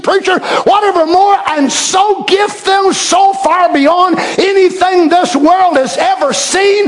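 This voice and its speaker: A man preaching a sermon, swinging from shouted proclamations to hushed, drawn-out asides. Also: very high voice.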